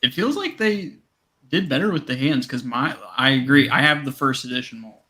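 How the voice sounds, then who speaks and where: A man co-hosting a live stream, blunt and casual, dropping curse words freely. His tone is bright and forceful, heard over a video call. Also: medium pitch, expressive, normal speed. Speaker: co-host. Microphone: desk mic on a video call.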